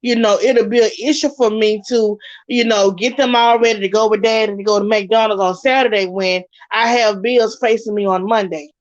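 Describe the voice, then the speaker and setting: A woman joining a talk show as a panel guest, speaking in a measured, hesitant way with many "you know" fillers. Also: medium pitch, fairly even intonation, no echo, highs cut off. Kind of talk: casual discussion.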